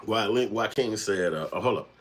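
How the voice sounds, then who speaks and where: Laughing husky-voiced man reading chat aloud. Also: fairly low pitch, fairly quick. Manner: loud laughing, reads comments aloud, slangy. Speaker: livestream host reading chat. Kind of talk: casual livestream chat.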